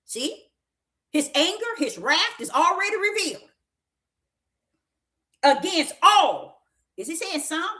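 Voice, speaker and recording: Woman preacher, high and lively voice, folksy, emphatic, questioning the congregation. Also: normal speed. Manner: emphatic, repetitive, questioning the listeners; folksy, with breaks into laughter. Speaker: prophetess preaching. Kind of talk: sermon.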